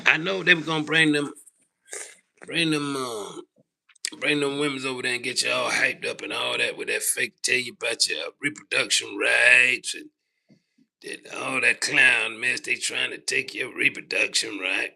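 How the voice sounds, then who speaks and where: A man's voice: medium pitch, fairly even intonation, moderate pace, vocal fry, bright, forceful tone. A man hosting a livestream, ranting in a loose, mocking way and tagging his lines with "man" and "boy". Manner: mocking, repetitive, slangy, keeps saying "man" and "boy". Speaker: livestream host. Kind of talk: casual ranting monologue.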